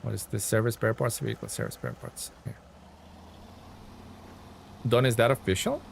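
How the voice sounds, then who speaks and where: A man streaming a game, chatting casually and excitably with his viewers. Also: lowish voice, normal speed, creaky, slight background noise. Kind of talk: casual live-stream chat while playing.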